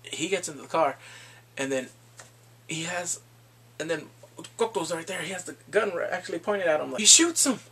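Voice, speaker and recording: A man recapping episodes of a TV drama in a casual vlog, animated and quick to act out scenes with squeals and laughs. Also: a little high, slightly rough. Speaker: drama reviewer.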